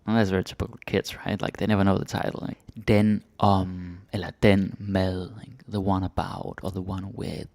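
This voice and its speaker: A man's voice: sits low, level tone, normal speed, vocal fry, hardly any pauses, a little mellow. A man giving casual, chatty commentary in a language lesson, full of offhand asides and fillers. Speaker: language teacher.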